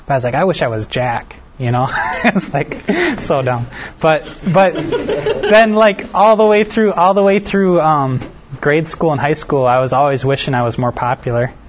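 A man leading a casual Bible study, reading scripture aloud and then explaining it in a relaxed, self-deprecating way while asking the group questions. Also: on the high side, slight background noise. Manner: asks the listeners questions. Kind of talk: conversational Bible teaching. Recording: dull lo-fi recording.

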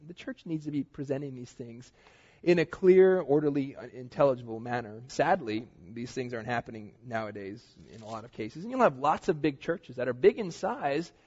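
A young man teaching a casual sermon, telling stories and acting out what people say. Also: a little high. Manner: animated storytelling, acts out quotes. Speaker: pastor teaching a Bible study. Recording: dull sound with long reverb.

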